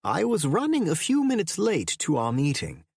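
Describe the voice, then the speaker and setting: Guy doing a fancy english old professor voice, high and huffy, kinda husky. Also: huge pitch swings, normal speed, no room sound, studio quality, exaggerated voice. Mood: polite. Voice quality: sophisticated, polite, scoffing. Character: older male English historian, indignant.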